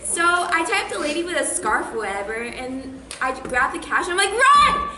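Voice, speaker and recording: Actress as a high-voiced, giddy stage-play girl, cheerfully unhinged, roomy echo. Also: animated, fairly quick. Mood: gleeful, manic. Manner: gushing, giggly, breezy about violence. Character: bubbly, unhinged young woman with an imaginary celebrity friend. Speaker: student actor in a stage play. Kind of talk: comic stage monologue. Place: school stage or hall. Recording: roomy stage recording with noise.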